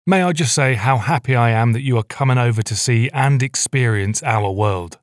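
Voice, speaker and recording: A man's voice: mid-range voice, normal speed, dry recording, clean studio sound, lightly acted. A man reading aloud, voicing a cheerful, eager escort who welcomes guests.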